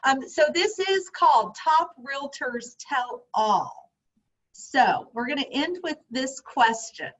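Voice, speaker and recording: A woman's voice: high voice, lively intonation, slow, a bit bright, rough recording. A woman hosting a podcast interview, effusive and encouraging, praising her guests often. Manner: effusive, encouraging, lots of "I love it". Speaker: podcast host.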